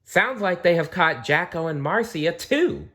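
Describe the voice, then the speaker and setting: A man's voice: on the high side, expressive, unhurried, bright, forceful tone, pitched above the performer's own voice, exaggerated voice. A man voicing an eager young male koala in a children's storybook. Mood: urgent.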